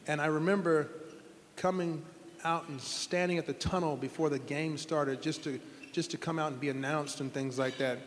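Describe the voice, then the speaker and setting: Middle-aged guy, ex quarterback, earnest rambly storytelling, kinda high voice, big reverby room. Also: steady tone, moderate pace, a little hiss or hum. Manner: earnest, heartfelt, rambling with restarts. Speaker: former pro football quarterback, guest. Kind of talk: interview storytelling.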